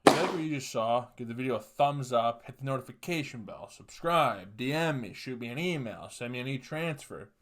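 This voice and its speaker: A man's voice: mid-range voice, expressive, brisk, few pauses, fairly bright tone, slight background noise. A young man hosting a podcast, talking casually in a blunt, profane, mocking way. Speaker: podcast host. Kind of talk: casual monologue.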